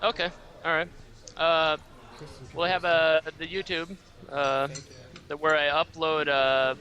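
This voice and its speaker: A man guesting on a podcast, answering about games hesitantly with many pauses. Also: fairly high pitch, bright, forceful tone. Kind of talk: casual interview answers.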